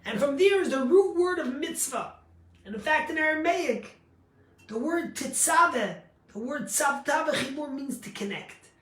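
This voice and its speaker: Emphatic rabbi with an echoey sound. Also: male voice, very high voice, lively intonation, unhurried. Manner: emphatic, rising to near shouts on key points. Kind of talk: sermon storytelling.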